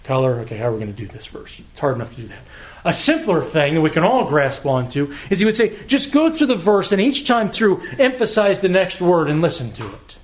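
A man preaching a sermon as pastor, earnest, slowing down for emphasis and sometimes repeating words as he searches for them. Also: fairly high pitch, very animated.

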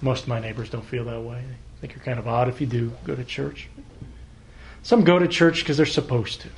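A man's voice: medium pitch, steady tone, a little fast, vocal fry. A man preaching a sermon as pastor, conversational, posing rhetorical questions and acting out short exchanges.

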